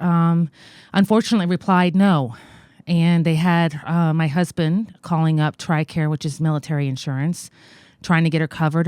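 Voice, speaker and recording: An American woman in her forties, a guest in an interview, telling a personal story in a halting, earnest way with many fillers. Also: low voice, a little mellow, clean tone, no room sound, clean studio sound. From United States. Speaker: guest, congressional candidate.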